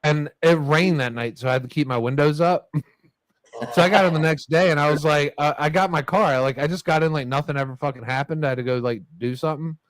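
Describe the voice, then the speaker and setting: A man's voice: on the high side, fast talker, no echo. A man telling a rambling, profane story to friends, laughing his way through it. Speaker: storyteller in a group chat. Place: bar or podcast table with friends.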